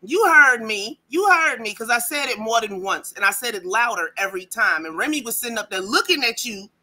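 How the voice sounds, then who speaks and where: A woman's voice: a little high, animated, fairly quick, pushed and bright. A woman on a livestream panel, arguing in a confrontational, scolding way over a remote call. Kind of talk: heated livestream panel argument.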